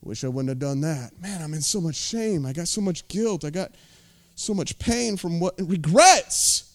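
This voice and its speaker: A pastor voicing a regretful churchgoer weighed down by shame and guilt, in a low, mournful tone. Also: male voice, lively intonation, moderate pace. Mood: ashamed.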